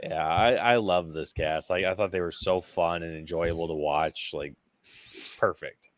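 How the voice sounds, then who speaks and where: Excitable man gushing over a movie. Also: low-pitched, normal speed, dry recording. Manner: excitable, swears often, acts out scenes in quoted voices. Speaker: podcast co-host. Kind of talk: casual movie review chat.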